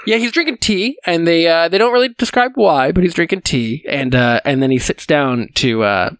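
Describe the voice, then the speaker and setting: A man's voice: a little high, animated, normal speed, fairly bright tone, smooth, no room sound. A man co-hosting a movie podcast, giving wry, chuckling commentary on a film with lots of fillers. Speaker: podcast co-host. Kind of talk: casual movie recap chat.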